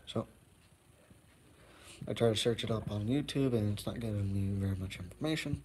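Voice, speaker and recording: A man's voice: fairly low pitch, normal speed, slight background noise, low-quality recording. A young man chatting casually on a live stream at home, rambling with many fillers as he walks around. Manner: rambling, easygoing, full of fillers and asides.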